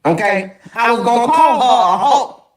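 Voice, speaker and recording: A woman's voice: a little high, lively intonation, normal speed, poor audio. A woman delivering a scornful, mocking rant, stuttering over repeated words and laughing between jabs. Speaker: online commentator in a played clip.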